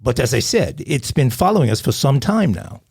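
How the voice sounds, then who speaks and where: A man's voice: mid-range voice, big pitch swings, a little fast, creaky, a little mellow, breathy edge, full character voice. A man putting on a British accent to voice a hesitant, confused caller. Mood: flustered. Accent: put-on British. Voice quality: hesitant, stammering. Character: confused young British man calling about a cat.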